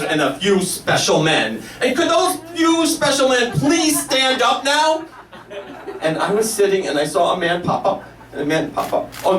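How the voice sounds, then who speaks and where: At a small café, a man tells a funny story at his own expense in front of a live audience, chuckling as he goes. He has a high-pitched, fairly bright voice, recorded from afar in an echoey room with slight noise.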